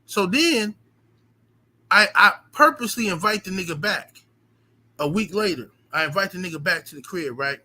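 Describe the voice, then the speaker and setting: A man streamer telling a long story to his viewers in a casual, animated, emphatic way, with lots of profanity. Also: high voice, moderate pace, low-quality recording.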